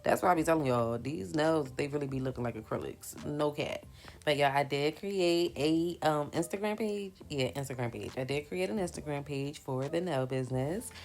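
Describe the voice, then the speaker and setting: A young woman with a low-pitched voice talks casually to her viewers as she makes press-on nails. Her speech is relaxed and colloquial, and she addresses the audience directly. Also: moderate pace. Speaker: nail business vlogger. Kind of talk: casual chat to viewers while doing nails.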